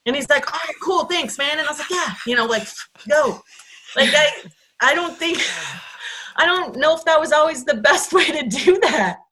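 A woman's voice: high-pitched, expressive, normal speed, bright, forceful tone. A woman telling casual stories, laughing often, swearing freely and acting out what people said. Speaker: guest, former volunteer ranger. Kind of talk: casual storytelling.

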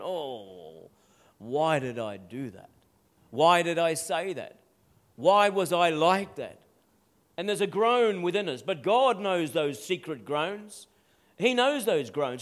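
A pastor preaching a sermon, calling out for amens and dropping to a soft, intimate voice at times. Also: male voice, high voice. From Netherlands. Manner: call-and-response preaching, asks for amens.

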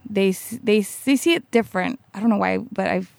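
Young latina-sounding, no — young woman, gravelly voice, stops and hunts for words a lot, dry close mic. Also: medium pitch, a little fast, darkish tone, dry recording. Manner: hesitant, searching for words, laughs often. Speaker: interviewee, farm worker and mother. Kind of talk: casual interview.

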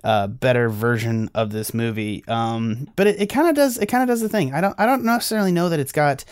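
A man's voice: medium pitch, a little fast, smooth, dry recording, studio quality. An American man co-hosting a film review podcast, talking casually and rambling with many restarts. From United States. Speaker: podcast co-host.

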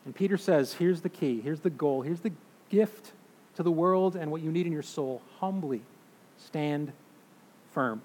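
A man in his thirties or forties preaching a sermon, emphatic, swinging between loud declarations and hushed, slow phrases. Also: a little high. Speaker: pastor. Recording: long reverb of a large hall.

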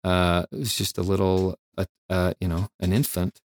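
Speaking in a low-pitched, darkish voice with flat delivery, a firefighter and flight nurse shares candid stories during an interview. He's reflective and halting, with many fillers.

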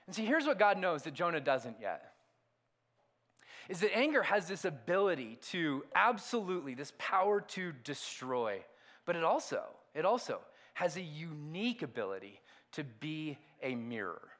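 A man with a notably high voice delivers a sermon as a pastor. He moves between quiet, intimate passages and loud, emphatic bursts, often putting rhetorical questions to his listeners. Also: big pitch swings, moderate pace. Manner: dynamic preaching, swings from hushed to loud.

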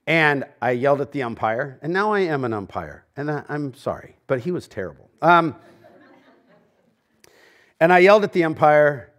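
A middle-aged man preaching a sermon as pastor in a church. He talks conversationally and drops to a near hush on key lines. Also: mid-range voice, smooth. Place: church sanctuary.

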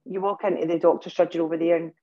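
A woman's voice: fairly low pitch, level tone, rapid-fire, mellow, muffled recording. A Scottish woman, a podcast guest, telling a long personal story in casual interview talk, with earnest pacing and many fillers and restarts. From Scotland.

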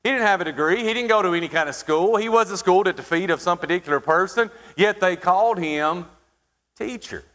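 Male preacher, high voice, dramatic pauses; sermon in a reverberant church hall. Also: fairly bright tone.

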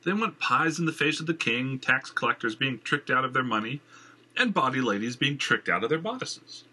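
Cast a blunt, serious man who probes with direct questions, husky and sharp, played by a man. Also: medium pitch, lively intonation, normal speed, pitched above the performer's own voice, heavily acted. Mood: probing. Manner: direct and probing. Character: blunt, serious man, former theater hand.

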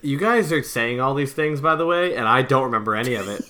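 Male co-host for casual chat; bright, forceful tone, deadpan one-liners. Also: medium pitch, quick pace. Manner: dry, short deadpan remarks. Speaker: podcast co-host.

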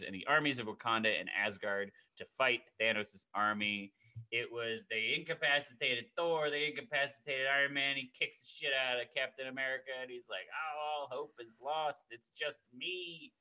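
A man co-hosting a podcast, recapping a film in casual, profane, animated chat and humming the score. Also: medium pitch, clear, resonant tone. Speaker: podcast co-host.

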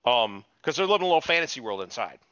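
A man's voice: medium pitch, quick pace, dry recording, dull audio. A man chatting casually on a podcast, recapping a TV episode in a rambling, profane way and acting out quotes. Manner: profane, rambling, animated retelling with put-on quotes. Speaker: podcast co-host.

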